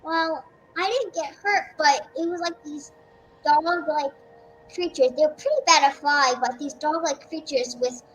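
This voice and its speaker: A woman player speaks slowly in a high voice, stumbling and repeating her words as she describes her character. Faint hiss sits behind her. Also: fairly bright tone, low-quality recording. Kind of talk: playing a character in a tabletop game.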